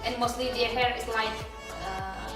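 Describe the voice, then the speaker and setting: Young woman host, casual and giggly, a bit high voice, echoey room away from the mic, music underneath. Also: fairly even intonation, unhurried, far from the mic. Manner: laughs often, many fillers. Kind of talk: casual interview in Indonesian and English.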